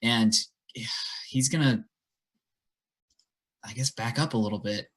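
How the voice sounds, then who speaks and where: A man playing a tabletop game, talking hesitantly and thinking out loud. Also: medium pitch, a little slow. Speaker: player. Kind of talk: casual tabletop play.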